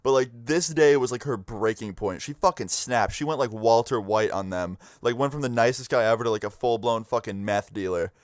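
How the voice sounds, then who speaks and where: A man's voice: medium pitch, fairly quick, few pauses, no echo, studio quality. A young man vlogger telling a casual story, full of swearing and "like". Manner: casual, swears a lot, lots of "like".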